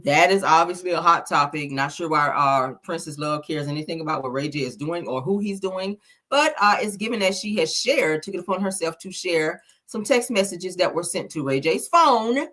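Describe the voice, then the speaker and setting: A woman's voice: lowish voice, animated, normal speed, bright, forceful tone. A woman giving casual, blunt celebrity gossip commentary, sassy and profane, laughing often.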